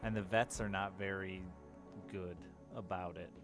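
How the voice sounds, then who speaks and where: A man's voice: low voice, fairly even intonation, unhurried, over music. A man chatting casually and candidly with his stream viewers, openly talking about his feelings and swearing now and then. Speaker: live streamer.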